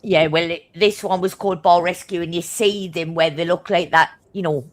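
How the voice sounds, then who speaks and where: A woman with a broad Geordie accent, blunt and swearing constantly as she tells animated stories in casual chat. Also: lowish voice, no room sound. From Newcastle, England. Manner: talks fast.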